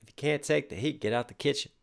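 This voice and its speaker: A man's voice: medium pitch, fast, gravelly. A young adult man, a rapper, giving an enthusiastic casual reaction and picking apart lyrics line by line. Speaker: rapper reacting to a music track.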